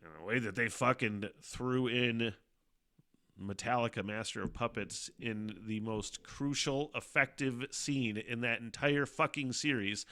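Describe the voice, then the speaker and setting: A middle-aged man hosting a casual solo podcast, rambling and swearing often, animated, with frequent laughs. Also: mid-range voice, unhurried. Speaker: podcast host.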